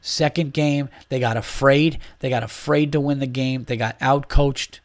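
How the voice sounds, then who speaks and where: A man's voice: medium pitch, fairly even intonation, moderate pace, dry recording. A man hosting a podcast, ranting bluntly about basketball with a lot of swearing and restarts. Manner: blunt, profane, opinionated, with many restarts. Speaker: podcast host. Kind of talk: casual sports rant.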